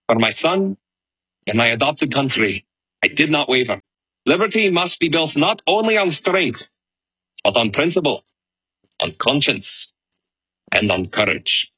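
Brief: man as a solemn founding-era minister, earnest oratory, lively pitch, dry close sound. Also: breathy edge, no echo, exaggerated voice, rough recording. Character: Scottish-born minister and educator, solemn older man. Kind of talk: first-person historical monologue.

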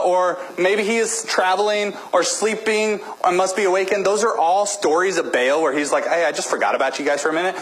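A man's voice: on the high side, fairly bright tone, poor audio. A man preaching a sermon as a pastor, emphatic and exhorting, with casual joking asides.

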